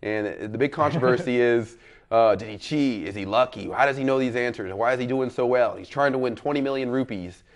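A man co-hosting a casual movie review talk, giving quick, enthusiastic opinions. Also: mid-range voice.

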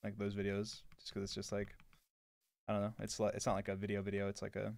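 A man's voice: fairly low pitch, completely flat delivery, fast talker, vocal fry, a little mellow. A young man in his twenties casually answering chat on a live stream, blunt and sarcastic, with lots of "like". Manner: blunt and offhand, heavy filler "like", sarcastic asides.

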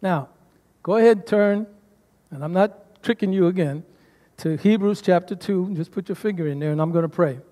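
A man's voice: high voice, moderate pace, mellow. A man preaching a sermon as pastor to his congregation, calling for responses from them. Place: church sanctuary. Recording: long church reverb.

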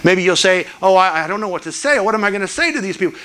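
An older man preaches at a church, his voice sitting high for a man. He tells stories earnestly and slips into lively voices for the people he quotes. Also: quick pace, clean tone. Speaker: guest preacher. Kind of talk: sermon.

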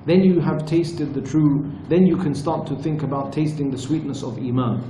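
A man giving a religious lesson at a retreat, telling stories in an earnest, measured way. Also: fairly high pitch, dark tone, a little hiss or hum. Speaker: religious teacher. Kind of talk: storytelling lecture. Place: retreat lecture room. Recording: echoey room with faint ambience.

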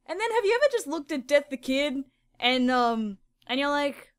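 A woman's voice: sits high, sing-song, normal speed. A young woman hosting a comedy video, talking in a casual, sarcastic way with mock-amazed asides and swearing.

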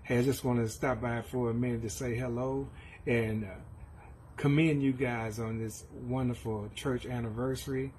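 A man giving a church tribute, reciting a rhyming poem in a measured, preacherly way. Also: mid-range voice, fairly even intonation, a little mellow, slight background noise, low-quality recording.

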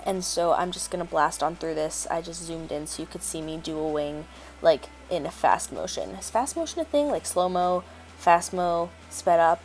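A woman's voice: fairly low pitch, expressive, normal speed, soft background music. A woman chatting casually as she narrates a makeup tutorial, rambling with lots of fillers. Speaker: beauty vlogger.

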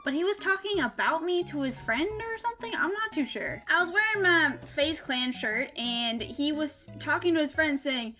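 Young woman, upbeat gaming commentator; very high, bright, bubbly, hot desk mic. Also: animated, moderate pace, hardly any pauses, soft background music. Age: young adult. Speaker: gaming YouTuber. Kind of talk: gameplay commentary vlog. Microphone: desk mic, levels set too high.

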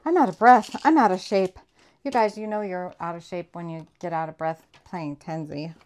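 A woman's voice: fairly low pitch, moderate pace, darkish tone. A woman hosting a casual home game night, playful and teasing, laughing as she plays dice at a table indoors. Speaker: savings channel host.

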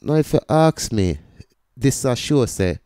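A man's voice: medium pitch, sing-song, unhurried, warm tone, smooth, no room sound, clean studio sound. A man with a Jamaican accent, hosting a commentary channel and explaining a news story in a conversational, patois-laced way.

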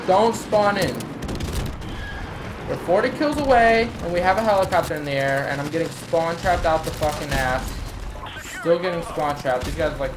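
A frustrated man rants and swears through his gameplay commentary. Clear gunfire and explosions from the game sit behind his voice. He talks like someone who is easily riled up. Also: a little high, background noise. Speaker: gamer and channel host. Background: shooter game gunfire and explosions.

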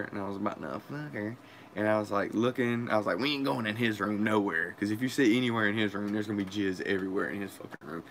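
A man's voice: lowish voice, a bit bright, a little hiss or hum. A young man, telling a crude, profane story in casual vlog chat and laughing often. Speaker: vlogger.

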